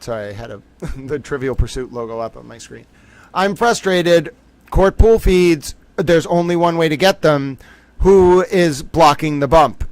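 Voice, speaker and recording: Rambling, jokey livestream host, higher-pitched man. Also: moderate pace, no echo. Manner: rambling, jokey, self-mocking, shifts from playful to frustrated. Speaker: livestream host commenting on a trial. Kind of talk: casual livestream commentary.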